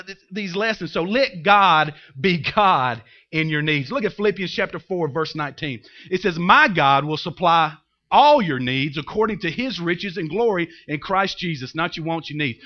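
A man preaching a sermon as pastor, in a lively, conversational way with humor and acted-out asides, recorded in a church. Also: sits high, moderate pace, muffled recording.

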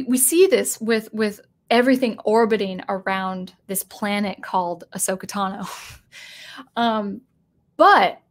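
A woman hosting a spoken commentary video, animated and given to restarts, who acts out the lines she quotes. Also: a little high.

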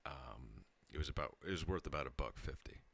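A man's voice: rumbling low, animated, brisk, creaky, husky. A tipsy man in his thirties telling a rambling story to his channel, laughing and breaking off mid-sentence. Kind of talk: casual storytelling monologue.

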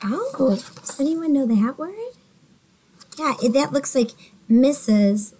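A woman teacher giving a slow, patient, encouraging early reading lesson, talking to young children by name. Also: high voice, a bit bright, a little hiss or hum, low-quality recording.

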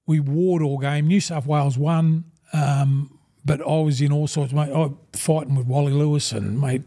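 An older Australian man spins long, rambling yarns in a mellow, dark-toned voice pitched a little above the usual for a man. He keeps throwing in "mate" and slips into the voices of the people in his stories. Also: steady tone, normal speed. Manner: rambling, calls the host 'mate' constantly, acts out old conversations. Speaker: guest, former rugby league front rower. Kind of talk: casual storytelling interview.

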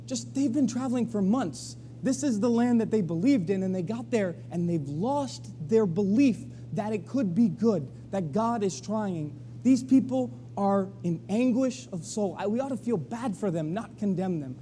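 A man preaching a sermon in a church, telling the story in a lively way and acting out the voices of the people. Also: sits high, moderate pace, hardly any pauses, slight background noise. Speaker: pastor. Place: church sanctuary. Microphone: live stream.

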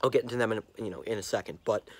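A man's voice: fairly low pitch, rapid-fire, dry recording. Furious young man ranting about his team. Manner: furious, repetitive, stumbling over words. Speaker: sports fan vlogger. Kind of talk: angry fan rant to camera. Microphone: handheld camera.

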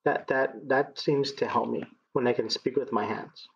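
A man in his thirties from Texas, a guest in an interview, speaking in a measured, reflective way with frequent ums. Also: mid-range voice, fairly even intonation, creaky, a bit bright, muffled recording. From Texas, United States. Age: 30s. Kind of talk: conversational interview.

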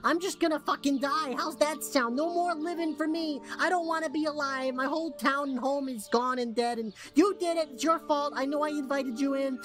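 An actor playing a tiny, overdramatic male town mascot in a video game, with a squeaky, childlike voice and whiny rants. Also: soft background music. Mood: panicked. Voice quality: squeaky, childlike and sing-song. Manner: whiny rants, swinging to a slow, flat, depressed mutter.

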